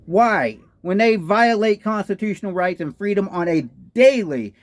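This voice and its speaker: A high-voiced man with a Texan drawl rants in indignant political commentary, hammering his points with repeated rhetorical questions. His voice is recorded close and dry, with no room sound. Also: moderate pace, no room sound. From Texas. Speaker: political vlogger. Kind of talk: ranting commentary.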